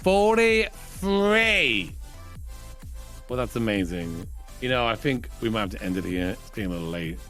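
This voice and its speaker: A man's voice: low voice, fast, fairly bright tone, soft background music. A man playing a game with a friend, chatting casually, asking questions and teasing. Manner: wondering, teasing. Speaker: guest co-player. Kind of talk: casual gaming chat.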